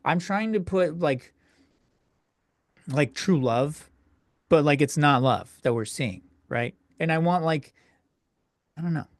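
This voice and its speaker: A man's voice: fairly high pitch, slow, long pauses, no room sound, clean studio sound. A young man hosting a solo comedy podcast, ranting crudely and exasperatedly from home with frequent self-interruptions. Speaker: podcast host.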